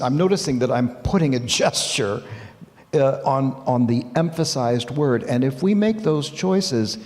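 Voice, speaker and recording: A male church music director in a dialogue sermon, speaking in an animated, demonstrative and encouraging way. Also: medium pitch. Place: church sanctuary. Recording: long church reverb.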